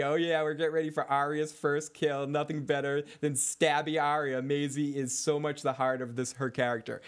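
A man co-hosting a casual recap podcast, talking excitedly, swearing and often restarting his sentences. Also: on the high side. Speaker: podcast co-host.

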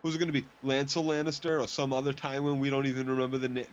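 A man co-hosting a podcast, casually discussing a TV episode and cutting in with lively, laughing asides. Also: mid-range voice, very fast, muffled recording. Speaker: podcast co-host.

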